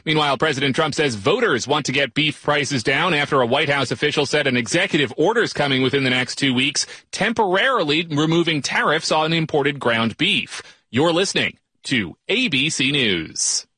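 A man reading a radio newscast as anchor, with a steady newsreader delivery. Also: a little high, normal speed, slightly rough. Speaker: news anchor.

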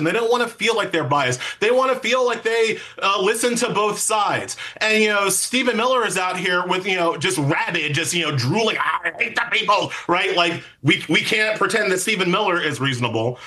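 A man speaking as an interview guest, emphatic and quick, with many fillers and restarts. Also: high voice, sharp tone. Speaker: legal commentator guest. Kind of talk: political interview.

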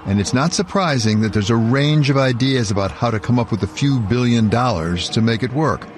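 A man hosting a business news show, giving polished, scripted commentary and sign-offs. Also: mid-range voice.

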